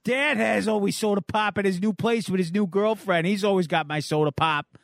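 A man voicing a bratty teenage skater boy who whines and yells demands at his mother while reading a comic aloud. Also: high voice, normal speed, creaky, dry recording, studio quality, pitched above the performer's own voice. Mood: whining. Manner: whiny, yelling demands. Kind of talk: comic book read-aloud.

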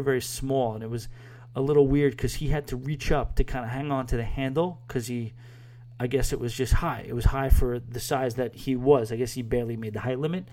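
Chatty guy rambling on his podcast review, dark mellow voice, lots of uh and um. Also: mid-range voice. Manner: rambling, chatty, with frequent fillers and restarts. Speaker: podcast host. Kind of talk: casual spoken review.

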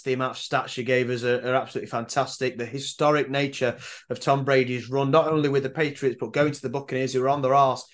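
A man co-hosting a sports podcast, bantering and swearing casually. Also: medium pitch. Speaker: podcast co-host.

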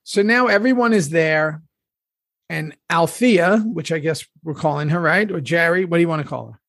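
A man's voice: fairly high pitch, moderate pace, creaky, fairly bright tone, no room sound, studio quality. A man co-hosting a podcast, chatting casually and telling stories from his past work, with the odd swear. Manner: conversational, storytelling, swears casually. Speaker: podcast co-host, former cast member.

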